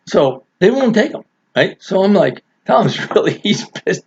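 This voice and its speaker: A man's voice: sits high, sing-song, measured pace, creaky, a little mellow, husky. An older man telling a rambling, chuckling anecdote in a casual, folksy way. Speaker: storyteller. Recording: dull lo-fi recording.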